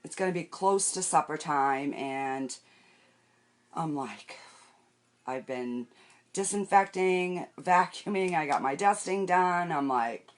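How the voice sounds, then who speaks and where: An older woman with a low, deep-set voice talks casually on a makeup live stream. She rambles about her day and greets viewers by name as they join. She keeps talking while she wipes her face and works on her makeup. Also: slow pace. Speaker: makeup vlogger.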